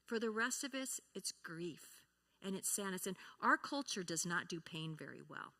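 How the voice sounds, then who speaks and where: Bright-voiced woman teaching a congregation. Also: medium pitch, lively intonation, moderate pace. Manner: asks the audience questions and acts out example replies. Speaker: church speaker teaching on grief and feelings. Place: church.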